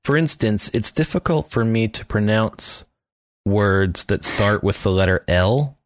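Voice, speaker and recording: Lively low-voiced man joking around. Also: measured pace. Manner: playful, self-mocking, lively delivery. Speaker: podcast co-host. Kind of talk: casual chat.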